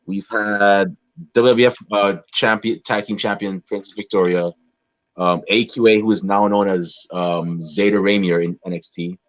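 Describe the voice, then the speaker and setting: A man's voice: fairly low pitch, steady tone, normal speed, highs cut off. A man, a podcast guest, explaining things in casual chat with enthusiasm.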